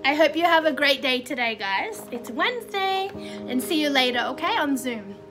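A woman's voice: sits high, lively intonation. A woman teaching a recorded class for young children, encouraging and asking them lots of questions, over background music. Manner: slow, encouraging, asks children many questions. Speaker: kindergarten teacher.

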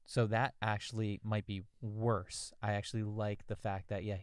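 A young man co-hosting a podcast, with a smooth, clear voice at an ordinary middle pitch. He rambles and thinks aloud as he pitches ideas. The recording is dry and close to the mic. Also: level tone, normal speed, no room sound. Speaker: podcast co-host. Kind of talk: casual brainstorming chat.

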